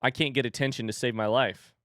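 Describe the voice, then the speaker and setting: A man voicing his excited male pet dog, who gushes about finally getting attention. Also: mid-range voice, quick pace, dry recording, clean studio sound, lightly acted. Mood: gushing. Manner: gushing, overjoyed.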